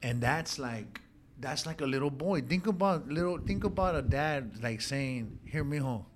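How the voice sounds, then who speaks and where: A man's voice: medium pitch, expressive, a little slow, noisy background. A man telling an emotional personal story in casual street slang, calling his listener dog and homie. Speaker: guest sharing his life story.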